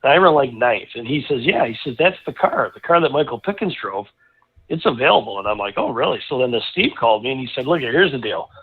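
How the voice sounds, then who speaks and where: A man's voice: mid-range voice, lively intonation, fast, slightly rough. Guy rambling thru a racing story, lots of restarts, sounds like a phone line. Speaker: racing driver guest. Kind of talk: casual storytelling interview.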